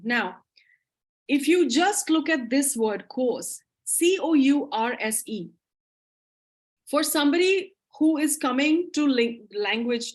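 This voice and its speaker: A woman English teacher answering audience questions in a live webinar, talking with eager enthusiasm. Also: a little high. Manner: enthusiastic, explanatory.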